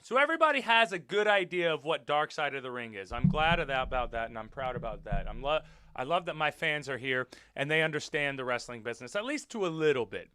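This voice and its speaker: Man, wrestler host, casual stream talk; animated, crisp voice, jokey and profane. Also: fairly high pitch, quick pace, no room sound. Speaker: wrestler hosting a livestream. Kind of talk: casual livestream chat reading comments.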